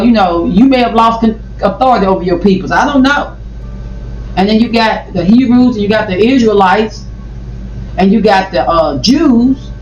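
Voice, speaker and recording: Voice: medium pitch, highs cut off. A video commentator reacting to a clip, talking in a rambling, emphatic way and repeating phrases. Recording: roomy, distant mic, faint noise.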